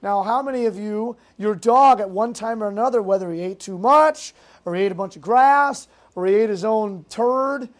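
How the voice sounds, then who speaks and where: A youth pastor from Massachusetts preaching to teenagers, telling stories in a lively way with fillers and quick asides. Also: mid-range voice. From Massachusetts, United States. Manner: lively storytelling with fillers and self-interrupting asides. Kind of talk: youth group sermon.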